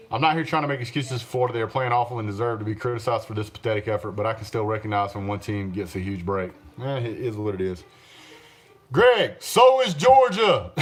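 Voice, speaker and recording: A man's voice: fairly low pitch, a little hiss or hum. A man hosting a casual live stream, reading viewer comments aloud, laughing often and answering the chat. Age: adult, father of young children. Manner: chatty, laughs often, talks back to the chat.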